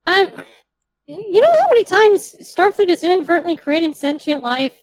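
A man voicing a gentle, fussing female starship officer in a tabletop role-play, hesitant and motherly. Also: very high voice, big pitch swings, moderate pace, no room sound, pitched above the performer's own voice, poor audio. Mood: soothing.

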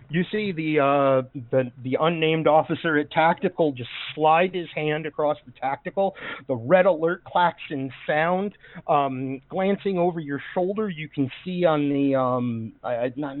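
A man's voice: on the high side, a little slow, no room sound. A man guides players through a tabletop game, thinking aloud with fillers, restarts and loose asides. His voice comes through a tinny, phone-like line, and it sounds dry and close, with no room around it. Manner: meandering, full of fillers and restarts. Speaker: game master. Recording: tinny call audio, dry.

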